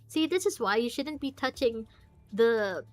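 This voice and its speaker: A woman's voice: fairly high pitch, lively intonation, unhurried. Reactive woman streamer playing a game. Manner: reactive, exclaims and groans at the game; reads story text aloud. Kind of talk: live gameplay commentary. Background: faint game music.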